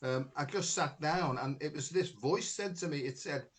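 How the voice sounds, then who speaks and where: This middle-aged podcast host and spiritual healer rambles through a long story in casual talk-show conversation, chatty and packed with fillers like "you know" and "right." His voice is a little high, and he speaks at a moderate pace.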